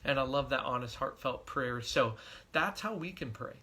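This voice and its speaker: A man's voice: mid-range voice, expressive, moderate pace, sharp tone. A middle-aged man, a pastor, giving a devotional sermon in an earnest, conversational storytelling way.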